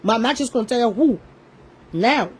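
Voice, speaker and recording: A woman's voice: a little high, expressive, moderate pace, a little mellow, breathy edge, low-quality recording. A woman ranting as an online commentator, scolding and confrontational, repeating her points to hammer them home. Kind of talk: ranting social media commentary.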